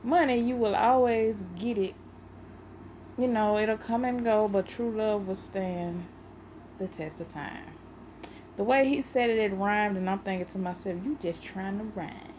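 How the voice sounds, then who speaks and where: A woman hosting a casual solo podcast, telling stories in an animated, playfully argumentative way and sounding a little out of breath. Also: medium pitch, unhurried, a little hiss or hum. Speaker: podcast host.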